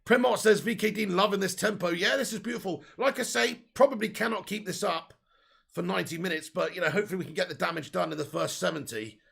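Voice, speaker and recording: Gravelly excitable watch-along host. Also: male voice, high voice, fast talker. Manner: excitable, chatty, swears freely, reads chat aloud. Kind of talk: casual live match commentary.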